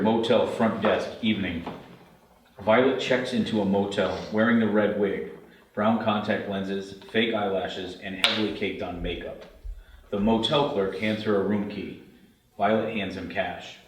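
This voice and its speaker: A man with a deep, low voice reads scene directions in a plain, matter-of-fact way. The recording is very echoey, as if from far across a room, with faint hiss underneath. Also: steady tone, a little slow. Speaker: narrator reading scene directions. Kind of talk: script read-through narration.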